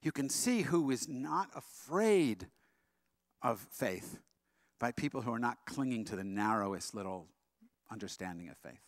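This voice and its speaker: A man speaking at an interfaith event, telling a personal story in a quick, animated way with frequent restarts. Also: medium pitch, no echo. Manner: leads the audience in slow sung chant, then tells a story in a quick, animated way. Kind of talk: storytelling talk with sung chant.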